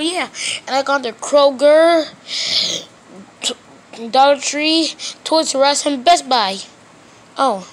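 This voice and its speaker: A woman narrates a toy play scene, hopping quickly between plush characters in loose, ungrammatical play talk. Her high voice has a fairly bright tone as she gives the toys many voices.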